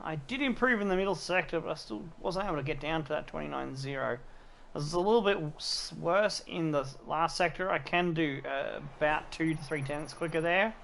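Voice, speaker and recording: An Australian man hosting a racing game stream, excitably thinking aloud to his viewers as he drives. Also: on the high side, a little fast, creaky, slight background noise. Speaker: gaming channel host. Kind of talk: live gameplay commentary. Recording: loud game music behind voice.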